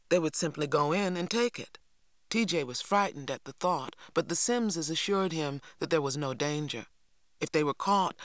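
A narrator reading a novel aloud in a steady storytelling manner. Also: mid-range voice, no room sound, studio quality. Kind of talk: audiobook reading.

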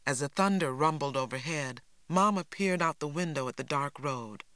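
A man reading an audiobook in a measured storytelling manner. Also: fairly high pitch, bright, forceful tone, dry recording. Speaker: audiobook narrator. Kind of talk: scripted narration.

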